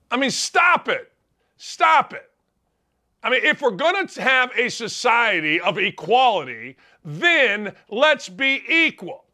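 A man's voice: very high voice, bright, forceful tone. A middle-aged man hosting a sports talk show, ranting in an opinionated monologue full of rhetorical questions. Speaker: sports radio host.

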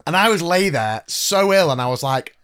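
A man co-hosting a podcast, telling stories in an animated, casual way and laughing often while he recovers from ankle surgery. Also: on the high side, moderate pace, background noise. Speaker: podcast co-host. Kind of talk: casual chat.

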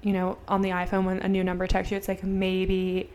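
A woman's voice: mid-range voice, completely flat delivery, brisk, a little mellow, slight background noise. A young woman in her twenties co-hosting a podcast, telling a story in casual chat, full of fillers and acted-out bits of dialogue. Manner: chatty, filler-heavy, acts out dialogue with swearing. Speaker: podcast co-host.

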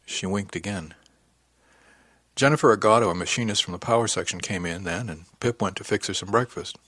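Low-voiced man narrating an audiobook. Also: fairly quick, fairly bright tone, slightly rough, no echo, studio quality. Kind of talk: first-person audiobook narration.

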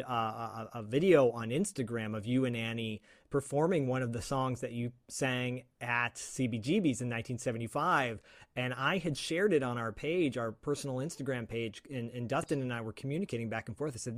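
A man hosting an interview, enthusiastic and agreeable, with quick affirmations. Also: medium pitch. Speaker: interview host. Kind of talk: casual interview chat.

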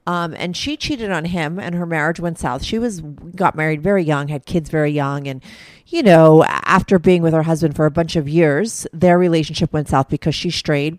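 A woman's voice: sits low, no room sound, studio quality. A woman hosting a podcast in casual chat, frank and filler-heavy, swearing freely. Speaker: podcast host.

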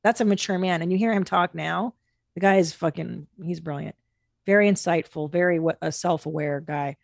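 A woman hosting a podcast in casual chat, blunt and animated, swearing freely. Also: fairly low pitch, moderate pace, vocal fry, no room sound. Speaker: podcast host.

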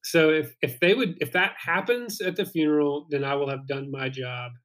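Brief: male guest author, fairly high voice, wry and deadpan. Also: moderate pace. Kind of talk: casual interview chat.

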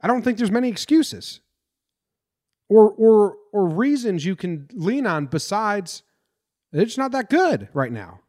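A man's voice: high-pitched, big pitch swings, unhurried, a little mellow. A man from New Jersey hosting a casual sports podcast, rambling and venting his frustration. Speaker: podcast host.

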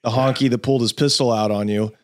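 A man's voice: medium pitch, fairly even intonation, fast. A man with a mid-range voice hosts a casual podcast interview. He asks loose, informal questions and keeps the guest going with short reactions. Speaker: podcast host.

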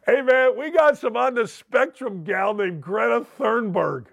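A man's voice: very high-pitched, a little slow, gravelly, a bit bright. An older man hosting a sports radio show, ranting in a sarcastic, mocking monologue and reading out listener messages. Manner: reads listener messages aloud. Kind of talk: opinionated talk radio monologue.

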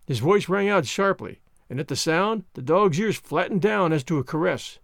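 A man narrating an audiobook with expressive storytelling. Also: fairly high pitch, moderate pace, gravelly, no echo, studio quality.

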